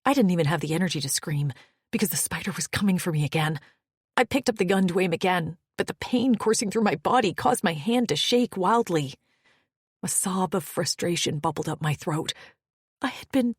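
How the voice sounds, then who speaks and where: A woman reading a first-person fantasy romance audiobook with dramatic delivery, turning breathless at the peaks and hushed in quiet moments. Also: lowish voice, expressive, fairly quick, breathy edge, dry recording, studio quality. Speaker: audiobook narrator.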